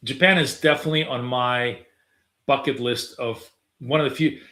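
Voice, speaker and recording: A man's voice: mid-range voice, steady tone, moderate pace, bright, forceful tone. A middle-aged man trading live on a stream, chatting casually, rambling and swearing offhandedly, with lots of fillers. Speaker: day trader streaming live. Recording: roomy, echoey room.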